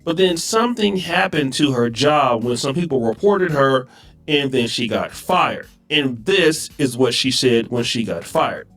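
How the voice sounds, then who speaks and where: A man of middle pitch narrates a recap plainly and counts off his points one by one. Soft music plays under his voice. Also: lively intonation, measured pace.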